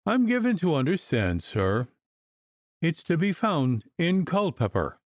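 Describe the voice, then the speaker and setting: A plump, timid apothecary with a pronounced lisp, pitched high and pleading, performed by a man reading the tale. His voice wobbles up and down as he frets, and the recording is dry and close. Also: big pitch swings, unhurried, dry recording. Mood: prim. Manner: pleading, flustered, high-strung.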